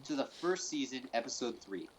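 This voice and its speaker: A man's voice: mid-range voice, expressive, brisk, crowd noise, rough recording. A man hosting a mock-serious fan-theory presentation over a call. He rambles, with lots of fillers and restarts. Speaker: host. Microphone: call recording.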